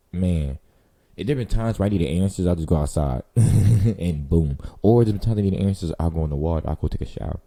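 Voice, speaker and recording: A man's voice: rumbling low, vocal fry, mellow. A man hosting his vlog, talking in a rambling, slangy and profane way straight to the listener. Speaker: vlog host. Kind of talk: casual monologue to camera.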